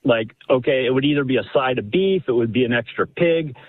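A man calling in to a radio show, telling a family story in an animated, rambling way with many restarts. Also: medium pitch, brisk. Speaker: caller. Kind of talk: casual storytelling on a phone-in. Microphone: telephone. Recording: husky voice over a tinny phone line.

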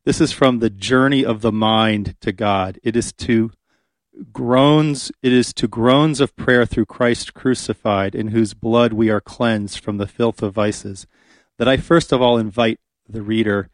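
A man's voice: on the low side, fairly even intonation, unhurried, no room sound. A man hosting a radio talk show, chatting casually and rambling with many fillers from a studio.

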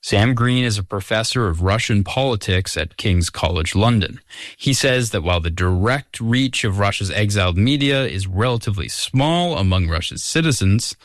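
A man narrating a scripted radio news report in a measured, even tone. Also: fairly low pitch, no echo, clean studio sound.

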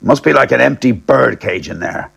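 A man's voice: medium pitch, expressive, normal speed, creaky, a bit bright, breathy edge, pitched above the performer's own voice, heavily acted. A man voicing a crude, scheming older male solicitor who talks in a blunt, insulting way. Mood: scornful.

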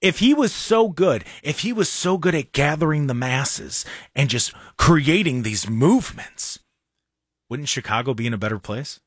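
A radio host riffs on politics with a sarcastic edge, his pitch bouncing up and down as he mocks. His voice sits a bit high for a man. The studio sound is dry and close. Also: normal speed, slightly rough, no echo. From Ohio. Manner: animated, sarcastic, mocking asides. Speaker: radio talk show host. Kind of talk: casual political talk radio.

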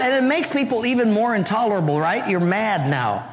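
A man preaching a humorous, story-driven sermon, dropping his voice low for emphasis. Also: very animated, a little fast. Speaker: pastor. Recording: long hall reverb.

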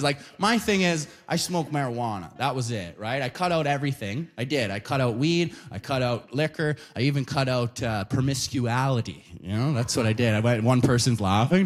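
A man performing a stand-up set on stage, telling stories in an animated way, putting on lots of voices and ending lines with "right?". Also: mid-range voice. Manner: animated storytelling with many voices and frequent "right?" tags. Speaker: stand-up comedian.

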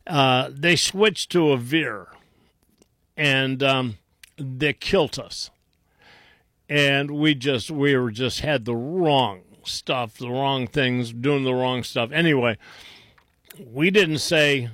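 Slow rambling older man, dry sound. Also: medium pitch, fairly bright tone, no room sound. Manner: rambling, halting, with many fillers and restarts; mocking whiny voices when quoting others. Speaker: political commentator. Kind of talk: casual opinion monologue.

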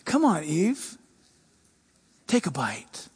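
A man putting on a sly, tempting devil who speaks slowly and sneers with a chuckle. His voice is husky and high for a man. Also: huge pitch swings, darkish tone, exaggerated voice. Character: sly tempting male devil whispering doubt.

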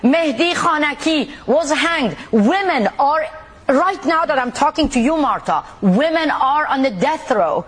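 High voiced woman from the middle east, indignant and pointed, tv interview guest. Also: lively intonation, unhurried, a little hiss or hum. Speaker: activist guest. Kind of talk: televised interview.

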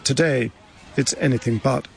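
A man delivering a measured, grave field report from a refugee camp outdoors. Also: mid-range voice, gravelly. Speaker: correspondent. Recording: crowd and street noise around.

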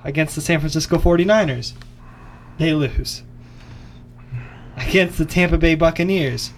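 A man's voice: on the high side, moderate pace, long pauses, slight background noise. A young man co-hosting a college radio sports show, chatting casually and easygoingly with his co-host.

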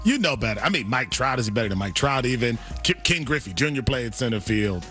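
A man's voice: mid-range voice, lively intonation, quick pace, pushed and bright, soft background music. A man co-hosting a sports radio show, talking casually and wryly.

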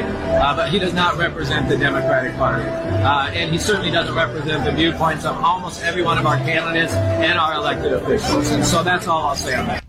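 A man giving a measured, emphatic statement as a party official, with fillers. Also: fairly high pitch, rough recording. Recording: loud crowd and music.

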